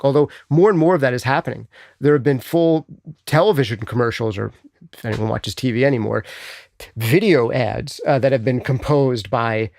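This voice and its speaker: A man hosting a casual live chat, answering viewer questions in a chatty, animated way and thinking out loud. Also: mid-range voice, no echo, studio quality.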